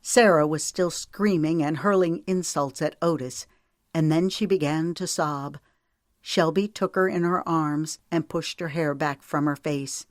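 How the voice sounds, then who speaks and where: A woman narrating an audiobook with a steady, measured reading. Her voice is low. It is recorded on a close mic with a dry sound. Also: dry recording.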